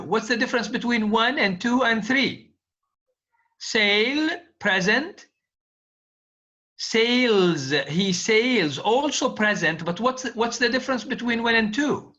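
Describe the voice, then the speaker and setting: Male lecturer, slow and repetitive, drills students with questions, high voice. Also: animated, bright, forceful tone. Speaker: university linguistics lecturer. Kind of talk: classroom lecture. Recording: dull lo-fi classroom recording.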